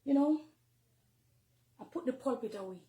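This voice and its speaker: A woman with a Jamaican accent, a minister speaking emotionally to her followers, swinging between hushed confiding and loud, heated outbursts. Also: sits high, expressive, normal speed, roomy sound. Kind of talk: emotional personal address to followers.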